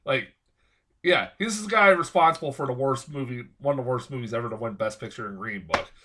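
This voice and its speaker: A man's voice: mid-range voice, fairly quick, sharp tone, a little hiss or hum. A man giving a casual film review, ranting in an angry, profane, exasperated way. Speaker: movie reviewer.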